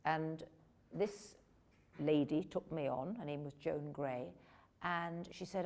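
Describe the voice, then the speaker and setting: An older woman from England, speaking in a slightly low voice, recounts her early career at a Q&A. She is a lively raconteur who pokes fun at herself. Her delivery is relaxed and conversational. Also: slow. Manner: self-deprecating, lively raconteur. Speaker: actress guest at a film Q&A. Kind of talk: anecdotal Q&A storytelling.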